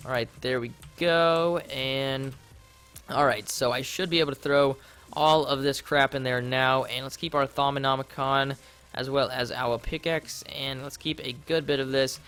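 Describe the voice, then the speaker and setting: A young man casually commenting on his game during a livestream, rambling and easily flustered, and often breaking into loud, panicked yelling. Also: mid-range voice, steady tone, moderate pace, clean tone, faint music behind. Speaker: livestreamer playing a modded block game.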